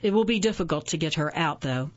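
A woman's voice: low-pitched, animated, quick pace, dull audio. A woman voicing an arrogant, scheming young nobleman who speaks in a haughty, commanding way, in a storybook reading.

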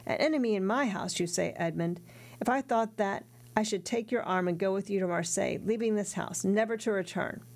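A woman voicing a determined young woman in love, in an earnest, steady read. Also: medium pitch, brisk, lightly acted.

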